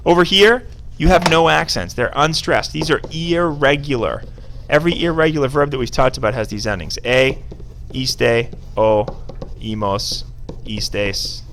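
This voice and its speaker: Brief: male teacher, mid-pitched, recorded in a classroom, loose and conversational as he quizzes the class. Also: a bit bright, slight background noise. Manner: chatty, informal, prompts students to call out answers. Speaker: Spanish teacher. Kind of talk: casual classroom screencast lesson. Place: classroom with students present.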